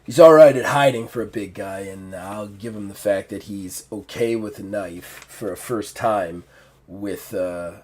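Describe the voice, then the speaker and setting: A man doing a gruff, grumbling orc. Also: fairly low pitch, a little slow, a little mellow, a little hiss or hum, pitched below the performer's own voice, close to an everyday voice. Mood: dismissive. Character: big gruff male orc, grumbling and blunt.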